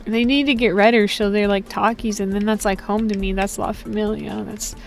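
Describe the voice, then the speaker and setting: A woman's voice: mid-range voice, fairly even intonation, a little fast, vocal fry. A woman giving casual, joking, rambling commentary while playing a game, full of slang. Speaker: gaming streamer.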